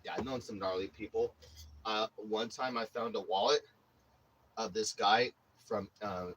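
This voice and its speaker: A man's voice: fairly low pitch, steady tone, a little slow, a bit bright, lo-fi sound. Rambling, foul-mouthed male streamer. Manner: rambling, profane, restarts often. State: says he has a headache. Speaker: livestreamer. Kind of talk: casual livestream storytelling.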